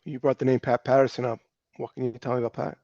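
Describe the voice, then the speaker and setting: A male interviewer asking quick, casual questions and laughing along with his guest. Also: mid-range voice, little pitch movement, dark tone, lo-fi sound. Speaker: interviewer, host.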